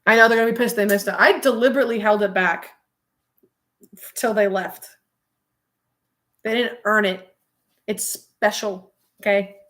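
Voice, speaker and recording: A woman's voice: medium pitch, fairly even intonation, normal speed, long pauses, fairly bright tone. A young woman chatting casually on a livestream, rambling with lots of fillers and frequent laughter. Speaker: streamer. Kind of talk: casual livestream chat with viewers.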